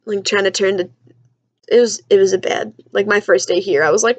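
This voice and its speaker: A woman's voice: mid-range voice, fairly even intonation, brisk, dry recording. A young woman telling a story in a chatty, self-mocking vlog from her basement at home, with lots of "like.". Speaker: vlogger.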